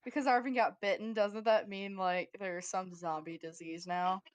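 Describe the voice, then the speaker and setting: A woman playing in an online tabletop game, playful and excitable. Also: mid-range voice, normal speed, clean tone. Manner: playful and excitable, breaking into cheers. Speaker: player.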